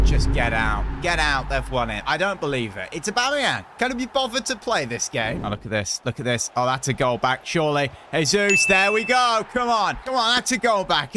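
A young man giving lively commentary over his own football video game, calling the action and reacting loudly to goals and misses. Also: fairly high pitch, a little hiss or hum. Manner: reacts loudly, calls the play like a match commentator. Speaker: gaming YouTuber. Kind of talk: excitable gameplay commentary.

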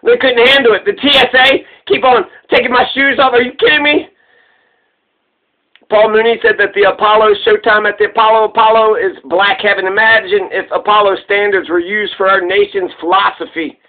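A man's voice: high-pitched, steady tone, a little fast, hardly any pauses. A man rambling in a casual, profane and joking way while he comments on a comedian. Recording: tinny phone-like sound.

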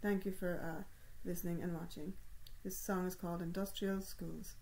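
A woman's voice: fairly low pitch, little pitch movement, normal speed, warm tone, poor audio. A woman from the United States earnestly introducing a song she wrote, speaking with feeling. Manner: earnest, emotional. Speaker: singer-songwriter. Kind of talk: spoken intro then solo singing.

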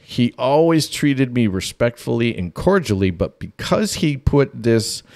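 This is a man with a mid-pitched voice telling a story on a podcast. He delivers it in an animated, humorous way and laughs often as he goes. His delivery swings between eager and hushed. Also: a little slow. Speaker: podcast host.

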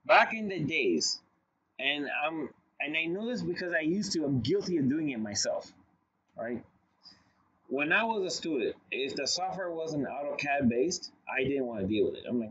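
A man's voice: a little high, animated, moderate pace, a bit bright, slightly rough, muffled recording. A man giving a long lecture in a loose, conversational way, telling stories with asides and frequent restarts. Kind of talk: casual recorded lecture.

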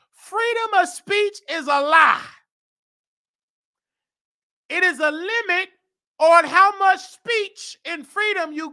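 A woman hosts a talk show in a very high, bright voice with a gravelly edge. She rants fiercely and preaches, often breaking into shouts. The sound is dry and close. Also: dry recording. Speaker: host. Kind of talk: ranting commentary.

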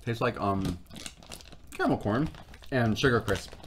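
A man's voice: lowish voice, animated, measured pace, slight background noise. A man hosting a snack-tasting livestream, rambling and reading product labels aloud in casual chat. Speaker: food review livestream host.

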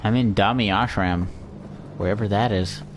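A man's voice: fairly low pitch, normal speed, a little hiss or hum. A young man giving joking let's play commentary, talking casually to his viewers. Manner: chatty, joking asides to viewers. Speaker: gaming YouTuber.

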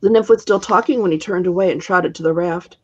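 A woman author reading her own fantasy story aloud in a steady narrating voice. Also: on the low side, brisk, breathy edge, highs cut off.

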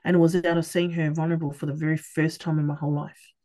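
A middle-aged woman, a podcast guest sharing her personal story candidly, with halting restarts and acted-out quoted conversations. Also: sits low, flat delivery, dark tone.

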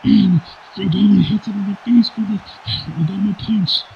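A man with a fairly high voice calls wrestling play-by-play, breaking into sudden shouted outbursts. The recording sounds dull and lo-fi, with a faint hiss behind him. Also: steady tone, moderate pace. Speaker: wrestling commentator. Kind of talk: play-by-play commentary.

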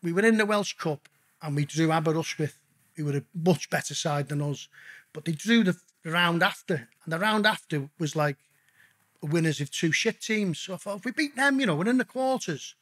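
A middle-aged man with a husky, fairly high voice tells stories as a podcast guest. He is blunt and casual, swears in nearly every sentence, and keeps calling the host "mate.". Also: expressive, moderate pace, fairly bright tone. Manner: blunt, swears constantly, calls the listener mate. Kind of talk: casual storytelling interview.

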